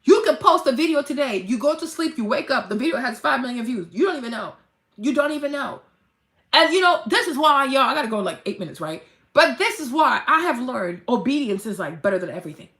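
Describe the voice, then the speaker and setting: A woman with a high, swooping voice gives a casual, preachy pep talk about faith. She acts out mock-dramatic voices and swears freely. The sound is echoey, as if in a bare room. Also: lively intonation, a little fast, bright, forceful tone. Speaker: vlogger.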